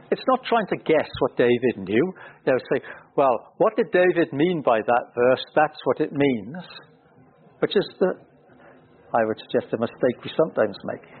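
A man's voice: medium pitch, breathy edge. Earnest male preacher on thin radio. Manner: earnest, rising emphasis on key words. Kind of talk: expository Bible teaching. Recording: thin phone-like radio broadcast.

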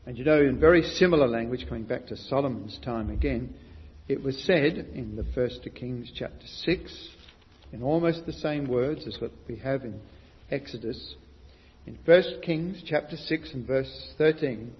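A man preaching a sermon, building to loud emphatic stresses and asking his listeners questions. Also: mid-range voice, normal speed. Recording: muffled recording with long hall reverb.

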